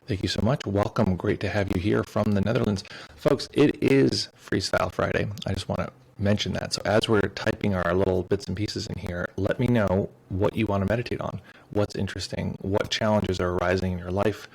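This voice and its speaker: A man's voice: deep voice, little pitch movement, fairly quick, creaky, breathy edge, rough recording. A man hosting a meditation livestream in a casual, joking way, reading viewer comments aloud. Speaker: meditation teacher. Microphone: streaming mic with headphones.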